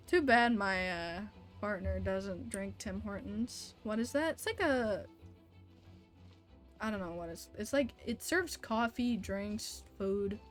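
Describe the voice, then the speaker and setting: A woman streamer chatting casually while she plays a video game, bubbly and chatty with bursts of squealing excitement. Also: mid-range voice, slow, long pauses, soft background music.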